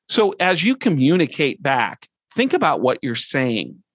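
Middle-aged man giving a relaxed talk. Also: medium pitch, dry recording. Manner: earnest, relaxed, walks through points one by one. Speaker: presenter. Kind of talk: conversational training presentation.

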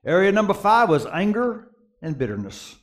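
Animated pastor. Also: male voice, sits high, moderate pace. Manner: animated, rising to excited peaks in stories. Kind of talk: sermon with storytelling.

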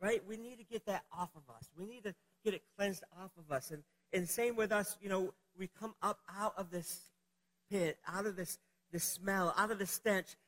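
A man's voice: high-pitched, normal speed, fairly bright tone, long reverb tail, low-quality recording. A middle-aged man preaching a sermon, opening with a childhood story, in a conversational, rambling way with many fillers. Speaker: pastor.

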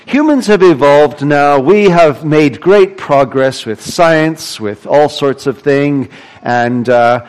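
A man's voice: fairly high pitch, takes it slowly, darkish tone, rough recording. A man preaching a sermon as pastor, explaining a psalm with rhetorical questions and emphatic repetition.

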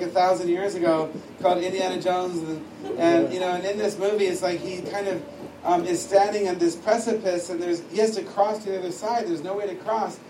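A man giving an informal, chatty teaching talk to a class, wandering off on side stories and laughing often. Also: high voice. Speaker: teacher at a discipleship school. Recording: echoey room, distant mic, faint noise.

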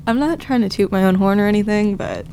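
A woman's voice: mid-range voice, fast, dark tone. Young woman from Virginia, casual podcast guest, giggly, faint noise behind. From Virginia, US East Coast. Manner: laughs often, self-deprecating. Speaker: touring musician guest.

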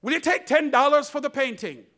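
Preacher playing a modest, hesitant old man with a bright voice. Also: extremely high pitch, lively intonation, fairly quick, pitched above the performer's own voice, full character voice. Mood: humble. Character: humble older man, friend of the father.

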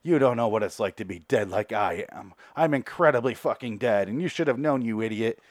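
A man voicing a furious teenage ghost girl who scolds her father in a shrill, profane voice. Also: animated, brisk, no echo, natural voice. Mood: scolding.

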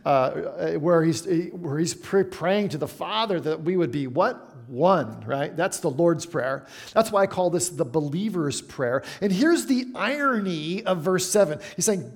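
A middle-aged man delivers a sermon in an easygoing, conversational way, tossing questions to the room. His voice sits a little high and swings widely in pitch as he preaches. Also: measured pace, hardly any pauses. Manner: animated, conversational preaching with asides to the congregation. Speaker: pastor.

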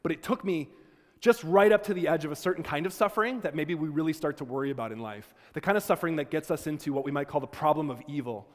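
A man's voice: a little high, fast talker. A man lecturing to students, telling a personal story in an earnest, conversational way with frequent restarts. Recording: long hall reverb.

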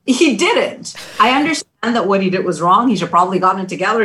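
Blunt, bright-voiced chatter. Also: medium pitch, lively intonation, fast, hardly any pauses, slight background noise. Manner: blunt, emphatic opinions. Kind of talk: casual conversational chat.

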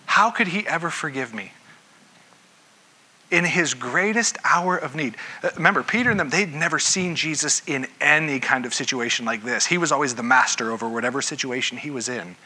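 Guy preaching, really bright edgy tone, bit husky, keeps asking the room what they think. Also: medium pitch, fairly quick, few pauses. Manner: conversational, asks the listeners questions. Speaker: pastor. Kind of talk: interactive sermon.

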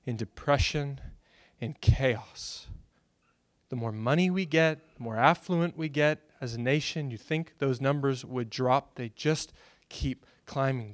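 A pastor, preaching a sermon and telling stories with bursts of loud excitement. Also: male voice, mid-range voice, no room sound, studio quality.

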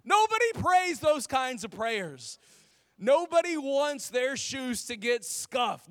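A man preaching a sermon in a casual, energetic way, with frequent restarts and asides to the congregation. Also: very high voice, no room sound, studio quality. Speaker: pastor.

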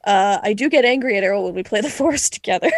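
A woman in casual group chat, telling stories with lively energy and acting out her own panicked reactions. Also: mid-range voice, fast talker, no echo. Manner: animated storyteller, acts out her own panicked voice.

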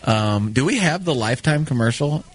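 A man's voice: medium pitch, lively intonation, normal speed, no echo. A man hosting a talk show, joking and teasing in casual banter and laughing often. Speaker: radio show host.

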